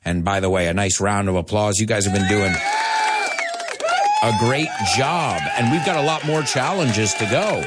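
Slow, animated American English teacher. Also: male voice, on the low side. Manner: animated, chatty, mixes in Spanish asides. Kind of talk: live online English lesson.

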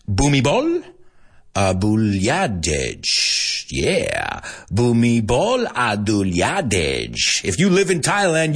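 A man's voice: mid-range voice, slightly rough. An American man giving a casual, jokey lesson, chatting and laughing often at his own asides. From United States. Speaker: English teacher. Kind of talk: casual teaching monologue.

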